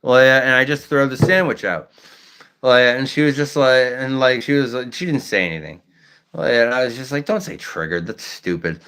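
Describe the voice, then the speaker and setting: A man talks straight to his livestream audience in a blunt, profane ranting style. He stutters and repeats words at times, and his voice sits at an ordinary middle pitch for a man. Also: fairly quick, a bit bright, clean tone. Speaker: livestream host. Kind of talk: casual livestream chat.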